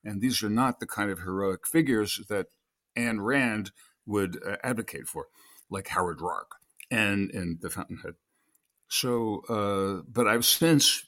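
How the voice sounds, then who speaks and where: A man's voice: fairly low pitch, a bit bright. An older man, a guest actor, telling long rambling stories in an interview and acting out quoted lines. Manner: storytelling, acts out quotes.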